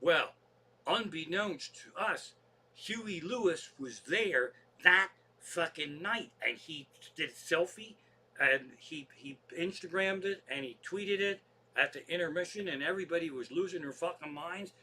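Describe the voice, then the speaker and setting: A man's voice: on the high side, unhurried, bright, forceful tone, slight background noise. A man hosting his own comedy show, rambling through stories in a casual monologue and swearing constantly.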